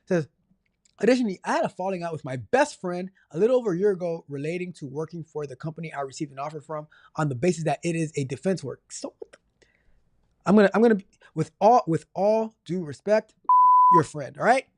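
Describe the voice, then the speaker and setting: A man with a fairly high voice talks fast in a clean studio recording with no room sound. Hosting a live tech career advice show, he reads viewer questions and answers with jokey, exasperated outbursts, repeating himself for emphasis and swinging between mock outrage and apology.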